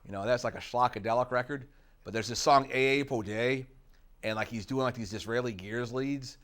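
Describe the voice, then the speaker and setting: A man's voice: mid-range voice, fairly quick, a bit bright. A middle-aged man from the United States, a rock guitarist being interviewed, talking in a rambling way with many fillers and asides. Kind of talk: casual interview reminiscing.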